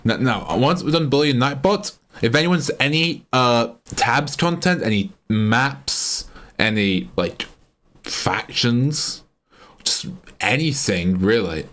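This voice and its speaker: An Australian man chats on a live game stream in a loose, rambling way. He restarts his sentences often and thinks out loud, speaking in a mid-pitched male voice. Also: animated, slow pace, pauses often. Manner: rambling, self-interrupting, chatty. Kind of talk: casual live-stream chat.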